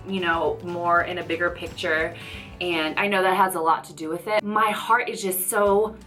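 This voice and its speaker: A woman's voice: lowish voice, fairly bright tone. A woman in her thirties chatting to camera as a YouTuber, rambling and emotional, often saying "you know". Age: 30s. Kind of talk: casual chat to camera. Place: tenth-floor office.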